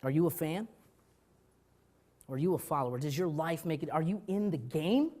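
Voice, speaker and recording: A male pastor preaching a sermon, telling stories with urgency that drops to hushed tones, often restarting his words. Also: on the high side, normal speed. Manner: animated storytelling, swinging from loud urgency to quiet.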